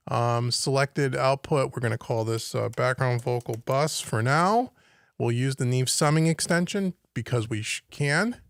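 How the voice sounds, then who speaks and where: This man's mid-range voice comes through dry and studio-clean as he teaches home recording live. Working in his home studio, he talks through the software while puzzling over what he sees on screen.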